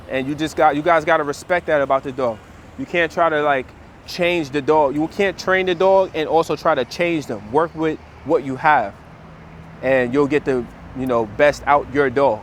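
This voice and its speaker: A man with a slightly high voice explains dog training in a loose, conversational way, full of slang. He is recorded outdoors in a built-up area, with faint street sounds behind him. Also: normal speed, a little hiss or hum. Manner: relaxed, conversational, slangy, talks straight to viewers. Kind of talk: casual outdoor training vlog.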